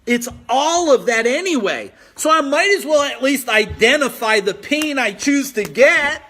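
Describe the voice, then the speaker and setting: Energetic male business coach, very high, sharp voice, pushy and repetitive, live from home. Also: moderate pace. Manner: energetic, pushy, repeats phrases for emphasis. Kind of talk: motivational live-stream talk reading viewer comments.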